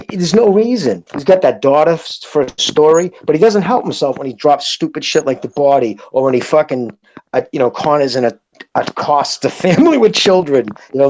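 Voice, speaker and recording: A man's voice: mid-range voice, a little mellow, muffled recording, a little hiss or hum. A man co-hosting a casual boxing podcast, talking in an emphatic, rambling, profane way. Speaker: podcast co-host.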